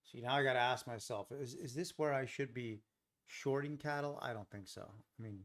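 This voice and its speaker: A man with a mid-range voice and moderate pace streams live as a futures day trader. He thinks aloud while scanning the markets, second-guessing his own trade ideas and tossing in laid-back jokes.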